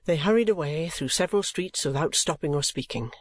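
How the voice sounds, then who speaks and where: A man reading a classic novel aloud as an audiobook, in measured, even scripted narration. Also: a little high. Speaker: audiobook reader.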